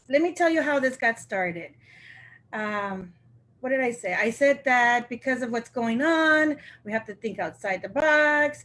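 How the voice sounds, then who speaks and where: An older woman talks to her viewers in a loose, chatty way, laughing often as she tells how things got started. Her voice sits a little high, and she slips into other people's voices when she quotes them. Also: fairly bright tone. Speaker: sales representative hosting a live video. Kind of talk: casual storytelling to viewers.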